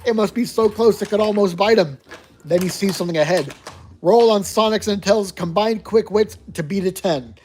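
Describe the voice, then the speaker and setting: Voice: mid-range voice, moderate pace, a little mellow, breathy edge. A player reading a choose-your-own-adventure gamebook aloud, narrating evenly and making wry asides.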